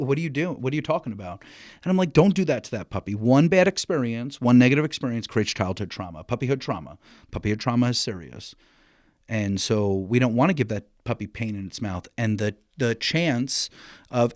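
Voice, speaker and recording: As a guest on a laid-back dog training podcast, a man tells stories in an animated, blunt way, cursing freely and often restarting his sentences. His voice is mid-range, captured at studio quality without echo.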